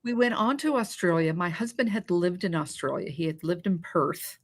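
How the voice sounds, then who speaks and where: A woman hosting a casual chat, talking in a relaxed, easygoing way. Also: fairly low pitch, normal speed. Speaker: host.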